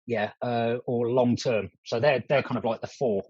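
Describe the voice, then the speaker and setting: Husky British man on a lo-fi line. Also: mid-range voice, steady tone, normal speed, darkish tone, no echo. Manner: earnest, repeats words while building a point. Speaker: podcast guest. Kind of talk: casual chat.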